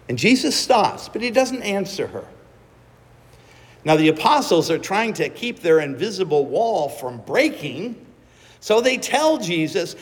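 A man delivering a sermon at a slow, deliberate pace. His voice rises and falls in a lively way, and he tells the story dramatically. The sound rings with the long reverb of a church hall. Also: sits high, breathy edge. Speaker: preacher.

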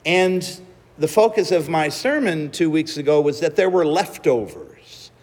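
Slow, animated male preacher in a reverberant hall. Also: on the high side. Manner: dramatic storytelling, slow and deliberate with acted quotes. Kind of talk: sermon.

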